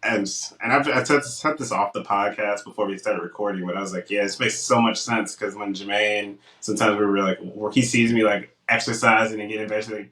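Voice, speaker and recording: A man's voice: on the low side, brisk, hardly any pauses, roomy sound, distant mic, poor audio. A young man co-hosting a casual podcast, telling stories and acting out what people said to him. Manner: animated storytelling, acts out quotes. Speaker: podcast co-host.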